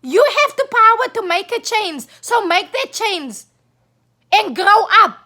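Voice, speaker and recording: A woman's voice: extremely high pitch, very animated, a little slow, pushed and bright. A woman vlogger from South Africa delivering an agitated, emphatic monologue to camera, scolding and repeating herself.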